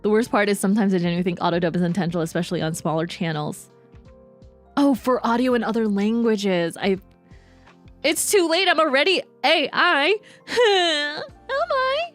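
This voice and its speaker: A woman's voice: a little high, expressive, moderate pace. A woman VTuber chatting casually and playfully with her livestream audience. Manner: bubbly and playful, talks to chat. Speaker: VTuber streamer. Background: faint lo-fi hip hop music.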